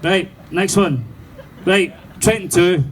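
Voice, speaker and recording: Man, Glaswegian accent, stand-up storyteller, sweary, animated, fairly high voice, outdoor noise behind. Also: takes it slowly, low-quality recording. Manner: sweary, animated, laughing through punchlines. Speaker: stand-up comedian.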